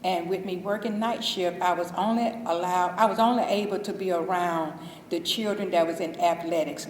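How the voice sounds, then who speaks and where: Woman, Southern accent, middle-aged, chatty heartfelt storyteller, low voice, echoey room, faint background noise. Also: darkish tone. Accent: Southern US (Alabama). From Alabama. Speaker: school custodian. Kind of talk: interview testimony. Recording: echoey hall, distant mic, faint noise.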